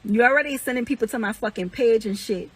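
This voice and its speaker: A young woman with a fast, high-ish voice and a breathy edge vents heatedly about her ex, airing accusations in poor-quality audio. Indignant and repetitive, she swears constantly and climbs to incredulous peaks.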